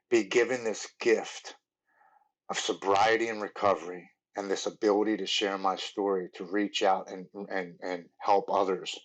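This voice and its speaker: A man in his forties with a lowish voice shares his story as a podcast guest. He talks earnestly and in a rambling way, full of "like" and restarts. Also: poor audio. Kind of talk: telling his recovery story.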